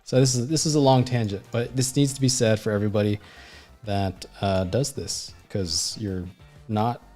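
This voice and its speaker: A man's voice: lowish voice, fairly even intonation, normal speed, mellow, soft background music. A man teaching art on a livestream in casual, blunt talk full of swearing, fillers and restarts. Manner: blunt and profane, heavy fillers like "you know what I mean"; emphatic, rambling with frequent restarts. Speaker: art instructor and designer.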